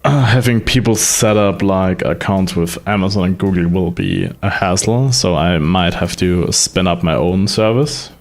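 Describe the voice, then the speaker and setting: A man's voice: low voice, moderate pace, few pauses, faint music behind. A man chatting casually as a developer, wry and hesitant, with many fillers. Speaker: streamer and developer. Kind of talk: casual chat.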